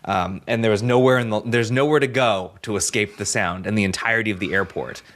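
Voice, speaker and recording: A man's voice: fairly low pitch, fairly quick, a bit bright. A man hosting a podcast in casual chat, with a wry, dry sense of humor. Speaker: podcast host.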